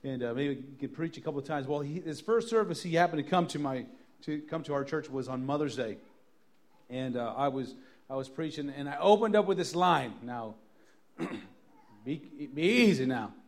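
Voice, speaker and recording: A man's voice: fairly high pitch, animated, moderate pace. A middle-aged male pastor preaching a sermon, telling humorous stories and building to emphatic repeated lines. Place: church sanctuary.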